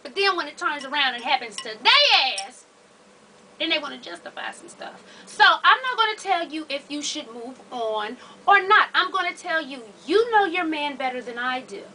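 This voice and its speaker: Sassy high-voiced woman giving advice. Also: big pitch swings, normal speed, bright, forceful tone, far from the mic, a little hiss or hum. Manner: blunt, sassy and profane, addressing the viewer. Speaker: advice show host. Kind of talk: casual advice vlog.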